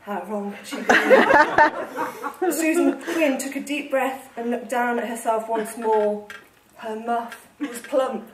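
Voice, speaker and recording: A woman author reading her comic novel aloud at a live salon, with lively, amused storytelling. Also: on the high side, measured pace, a crowd in the background. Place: literary salon with a live audience. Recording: echoey room, distant mic, audience laughter.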